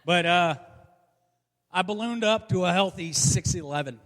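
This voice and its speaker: A man's voice: high voice, normal speed, a bit bright. A man in his forties doing a stand-up comedy set, delivering brash, profane, self-mocking punchlines. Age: 40s. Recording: long hall reverb.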